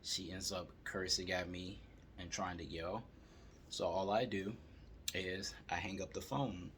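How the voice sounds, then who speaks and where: A man calmly telling a story as he gives dating advice to male viewers. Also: sits low, a little hiss or hum. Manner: calm, steady storytelling.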